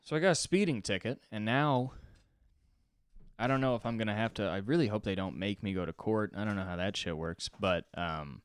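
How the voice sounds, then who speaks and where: Low-voiced young man ranting alone. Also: a little fast, clear, resonant tone. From Los Angeles. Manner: rambling and profane, swings between loud outbursts and mumbling. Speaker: comedian podcast host. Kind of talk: solo podcast monologue.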